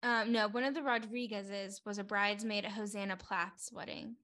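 A woman's voice: mid-range voice, fairly even intonation, normal speed, bright, forceful tone. A young woman co-hosting a podcast, chatting casually and agreeing often with short affirmations. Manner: agreeable, supportive listener with brief affirmations. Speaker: podcast co-host. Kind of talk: casual recap chat.

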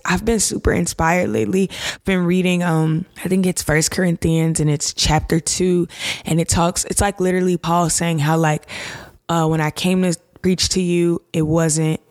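A woman's voice: lowish voice, a little mellow, no room sound, clean studio sound. A woman hosting a faith podcast, talking casually and from the heart with slang, and tearing up as she speaks. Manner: casual and heartfelt, slang-filled, gets emotional. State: tearful. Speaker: podcast host.

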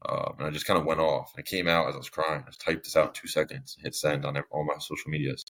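A man's voice: very deep voice, flat delivery, quick pace, fairly bright tone. A young man speaking as a podcast guest, telling his story in a casual, rambling way with many fillers and restarts. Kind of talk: candid personal storytelling.

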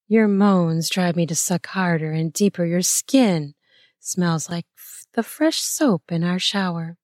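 Slow, breathy woman narrating erotica. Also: lowish voice, dry recording, clean studio sound. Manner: unhurried, breathy and playful, with soft laughs and gasps. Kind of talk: intimate first-person erotic narration.

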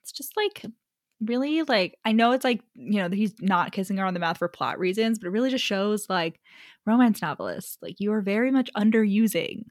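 Young woman, podcast co-host, casual book chat, giggly, animated, mid pitch. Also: fairly quick, dry recording, clean studio sound. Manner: animated, laughing often, heavy use of "like".

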